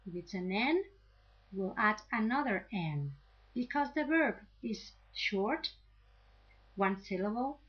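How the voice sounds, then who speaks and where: Patient woman teacher, slow and deliberate, lesson voice, slightly muffled recording. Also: mid-range voice, fairly bright tone, breathy edge. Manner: slow, patient, checks in with "okay?". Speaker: English teacher. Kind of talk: grammar lesson to camera. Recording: slightly dull lo-fi audio.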